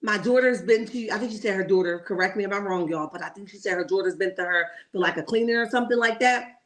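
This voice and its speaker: A woman's voice: medium pitch, fast talker, fairly bright tone. A woman hosting a casual reality TV commentary livestream, opinionated and chatty, greeting viewers in the chat and checking in with "okay?".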